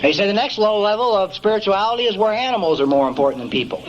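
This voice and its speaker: A man's voice: sits high, animated, fast talker, dull audio, a little hiss or hum. A man giving a folksy, emphatic storytelling talk at a recovery meeting, peppering it with "man" and "you know".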